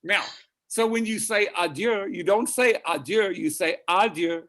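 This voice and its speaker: High-voiced male vocal coach, encouraging, demonstrates phrases, video call. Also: moderate pace, fairly bright tone. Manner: encouraging, demonstrative, sings and speaks example phrases. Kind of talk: virtual master class coaching.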